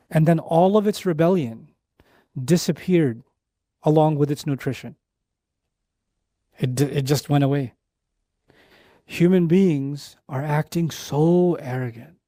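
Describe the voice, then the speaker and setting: A middle-aged man giving a lecture-style sermon as a Quran teacher, telling stories with animated repetitions and quick asides. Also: fairly high pitch, no echo, clean studio sound.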